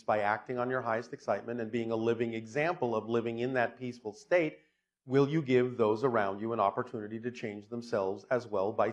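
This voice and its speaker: Man, channeler, blunt, probing, questions back, live Q&A. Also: medium pitch. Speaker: channeler answering audience questions. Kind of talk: live question-and-answer session.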